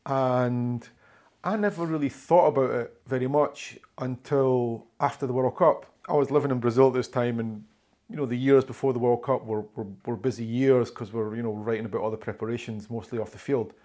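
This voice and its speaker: A man's voice: mid-range voice, fairly even intonation, fairly quick, mellow. A man, an author in an interview, telling a long story in a rambling way with many restarts. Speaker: author and journalist being interviewed. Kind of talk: conversational storytelling.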